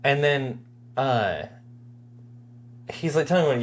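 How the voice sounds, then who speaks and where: A young adult woman co-hosts a podcast, chatting casually in a bass voice with lively intonation and a slightly quick pace. She laughs often and sprinkles her speech with fillers, especially "like."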